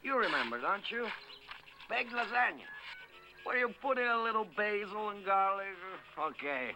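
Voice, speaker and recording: A coaxing persistent suitor. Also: male voice, sits high, big pitch swings, moderate pace, music in the background. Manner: coaxing, wheedling. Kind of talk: dubbed film acting. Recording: noisy film soundtrack.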